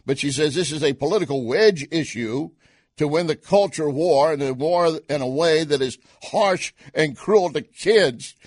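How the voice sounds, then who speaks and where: A man's voice: fairly high pitch, husky, no echo, clean studio sound. A man hosting a live online talk show, giving opinionated news commentary with sarcastic asides and rhetorical questions to his viewers.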